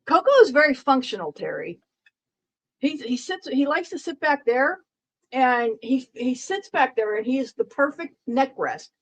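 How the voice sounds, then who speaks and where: A woman with a high voice chats casually through a live stream. She rambles, repeats her words and jokes with her viewers in the chat. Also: big pitch swings, a little slow, poor audio. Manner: rambling, repeats herself, joking and talking to chat.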